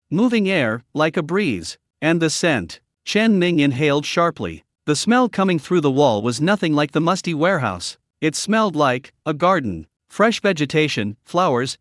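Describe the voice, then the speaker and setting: Lively, close-miked male story narrator. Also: on the high side, no echo. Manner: steady storytelling with short dramatic fragments.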